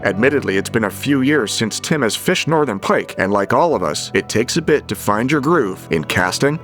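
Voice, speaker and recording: A man, the host of a fishing show, reading a steady, matter-of-fact scripted voice-over. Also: mid-range voice, normal speed. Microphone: studio voice-over. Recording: narration over loud music.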